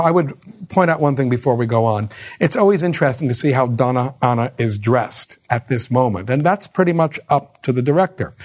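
A man's voice: medium pitch, darkish tone. A man giving a lecture on opera, explaining scenes in a wry, conversational way with ironic asides.

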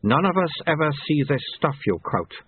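A blunt senior monk who takes everything literally, as a male narrator puts him on. His voice is a little husky and comes through thin and tinny like a phone call. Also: fairly high pitch, sing-song, moderate pace. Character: plain-spoken male senior monk, puzzled.

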